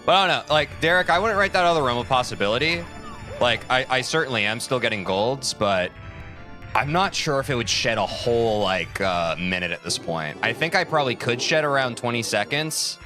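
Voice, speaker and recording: A man's voice: medium pitch, lively intonation, brisk, bright, forceful tone, soft background music. A young man streaming a speedrun, chatting casually with his viewers, answering their messages and swearing freely. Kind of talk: casual live-stream chat while playing.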